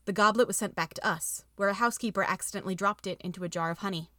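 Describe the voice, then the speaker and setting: A woman reading a story aloud with steady, expressive narration. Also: mid-range voice, very fast, no room sound, clean studio sound. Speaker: audiobook reader.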